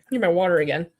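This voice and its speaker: A woman's voice: on the low side, creaky, a little mellow, breathy edge. A woman hosting a casual livestream with puppets, chatting, reading comments aloud and muttering to herself while clicking around.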